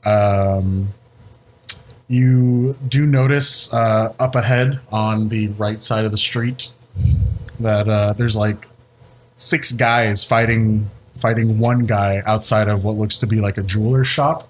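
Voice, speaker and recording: A man's voice: lowish voice, fairly even intonation, takes it slowly. A man narrating a tabletop game as game master, rambling with many fillers. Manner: rambling, filler-heavy description.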